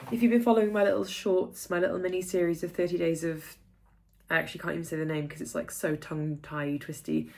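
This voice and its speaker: A woman's voice: deep voice, gravelly, a little mellow. A young woman with a sore throat, rambling casually in a chatty vlog. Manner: rambling, chatty, many fillers. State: sore throat from hay fever. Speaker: vlogger. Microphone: phone held by hand.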